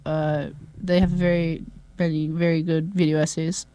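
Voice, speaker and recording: Wry lower-voiced woman co-host. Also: little pitch movement, normal speed, mellow. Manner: wry, playful interjections. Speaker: podcast co-host. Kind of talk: casual chat.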